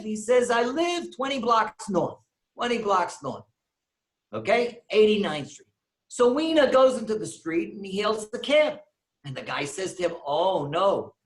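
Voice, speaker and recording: Animated man telling a story, echoey hall. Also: sits high, moderate pace. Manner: animated storyteller acting out voices, laughs at his own jokes. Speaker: speaker giving a synagogue lecture. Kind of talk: lecture with a retold comic story. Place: synagogue hall.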